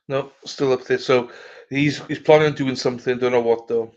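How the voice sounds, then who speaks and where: A man's voice: medium pitch, steady tone, normal speed, darkish tone. A man hosting a casual livestream chat. He greets viewers by name and swears freely as he rambles. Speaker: livestream host. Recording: slightly muffled lo-fi audio.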